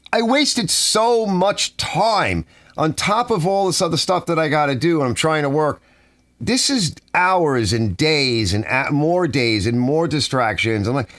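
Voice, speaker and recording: A middle-aged man from the United States hosting a rambling live stream, grumbling and animated as he reads chat aloud. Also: on the high side, no room sound.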